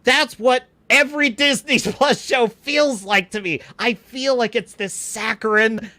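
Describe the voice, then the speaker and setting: A man's voice: extremely high pitch, unhurried, pushed and bright, no echo. A man hosting a live-stream commentary show, mocking what he quotes, laughing often and acting out lines of dialogue. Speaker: host.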